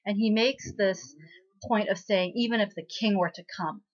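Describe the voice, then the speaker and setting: A woman's voice: medium pitch, normal speed. Woman rambling through a drama recap, lots of um and you know, kinda muffled lo-fi sound. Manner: chatty, full of fillers and asides. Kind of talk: casual spoken recap. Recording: slightly muffled lo-fi recording.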